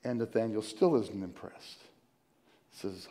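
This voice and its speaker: A man preaching a conversational sermon as pastor, retelling a story in a halting way, repeating and restarting words and inviting listeners to join in. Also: mid-range voice, animated, mellow. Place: church sanctuary. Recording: long hall reverb.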